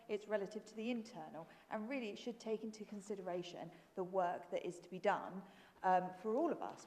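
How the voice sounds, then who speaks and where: A woman's voice: medium pitch, a little mellow. A woman leader speaking in a council meeting debate, earnest, with frequent ums and restarts. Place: large council chamber. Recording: long hall reverb.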